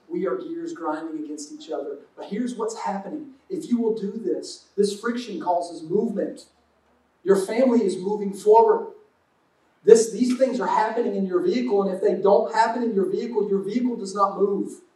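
A man's voice: high-pitched, darkish tone, far from the mic. A man preaching a sermon as pastor, conversational and jokey, acting out little everyday exchanges. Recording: roomy sound from off mic.

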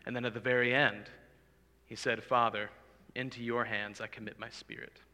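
A young man preaches to his congregation, earnest and conversational, now and then asking them questions. His voice is bright and forceful. It rings out with a long reverb through the church. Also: mid-range voice, little pitch movement, moderate pace, slight background noise. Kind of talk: sermon. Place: church sanctuary.

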